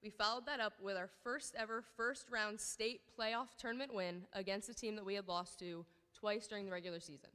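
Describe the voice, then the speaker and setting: A woman in her thirties, coach of a girls' team, rushes a little through an emotional awards speech with hardly any pauses, her medium-pitched voice clean, fairly bright and fairly even in intonation. Nervous ums and plenty of thanks fill the speech, which reverberates through a large school hall from the PA.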